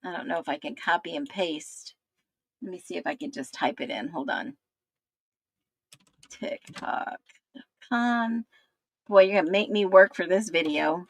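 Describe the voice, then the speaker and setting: A woman hosting a livestream, exclaiming in disbelief and talking straight to her viewers, her voice going hoarse. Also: on the low side, unhurried, pauses often, dry recording. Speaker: livestream host. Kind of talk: excited livestream commentary.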